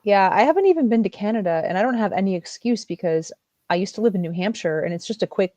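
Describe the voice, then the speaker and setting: A woman's voice: mid-range voice, lively intonation, fast, mellow, no room sound. An American woman hosting a casual podcast chat, telling stories in a chatty way. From United States. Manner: chatty, storytelling. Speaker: podcast host.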